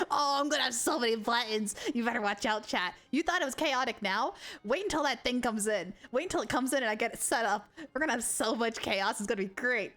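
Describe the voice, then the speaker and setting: A young woman game streamer talking to her live chat in an excitable, gushing, giggly way. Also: sits high, brisk, faint music behind.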